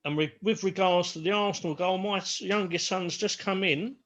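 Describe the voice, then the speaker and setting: Bright high-voiced man on lo-fi audio. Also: steady tone, normal speed. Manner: chatty, reads out posts. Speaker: panelist reading forum posts. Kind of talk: live match chat. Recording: lo-fi home audio.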